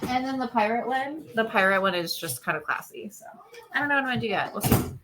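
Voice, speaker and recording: A woman in her thirties co-hosting a casual podcast, telling stories with lively energy, swearing freely and acting out her kids' voices. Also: on the high side, quick pace, background noise. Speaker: podcast co-host. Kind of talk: casual chat.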